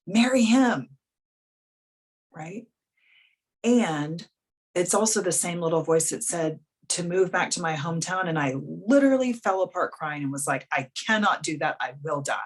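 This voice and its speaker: A woman life coach hosting a live video coaching call, talking frankly and bluntly in a casual, chatty way. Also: lowish voice.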